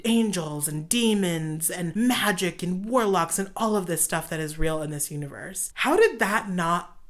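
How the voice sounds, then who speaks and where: A young woman hosting a show, ranting in casual commentary, animated, sarcastic and exasperated. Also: on the low side, unhurried. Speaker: host.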